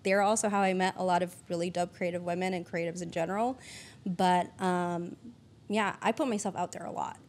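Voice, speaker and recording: A woman's voice: lowish voice, fairly even intonation, fairly quick, a little hiss or hum. Chatty woman producer, "like"-heavy talk. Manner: chatty, heavy use of "like", casual swearing. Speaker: producer and podcast guest. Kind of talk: casual interview chat.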